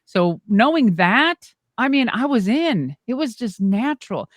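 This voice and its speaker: A middle-aged woman telling stories in an interview in a lively, rambling way, acting out the voices she quotes and swearing casually. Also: on the high side, measured pace, no room sound, studio quality. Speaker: guest, former wrestler and monster truck driver.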